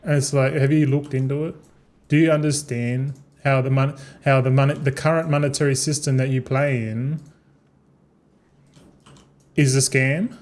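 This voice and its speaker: A man's voice: mid-range voice, flat delivery, normal speed, long pauses, darkish tone. A young man streaming a game, rambling casually with many restarts and swearing as he talks. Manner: repetitive, stumbling, swears freely. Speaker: gaming streamer.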